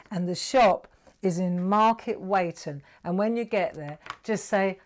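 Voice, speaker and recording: A woman's voice: fairly low pitch, normal speed. A woman hosting a live craft show, chatting and telling stories with a laugh. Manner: chatty, storytelling, laughs at own jokes. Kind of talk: live craft demonstration chat.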